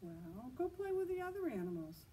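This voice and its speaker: A woman's voice: high-pitched, sing-song, normal speed, mellow, recorded from a distance, a little hiss or hum, voice pushed up. A woman voicing a patient, knowing mother dragon in a children's storytime reading, matter-of-fact. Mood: urging.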